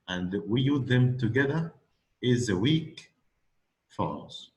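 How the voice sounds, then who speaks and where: A man's voice: fairly low pitch, rough recording. A man teaching English pronunciation, patiently modelling phrases for a student. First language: Arabic. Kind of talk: classroom lesson with a student.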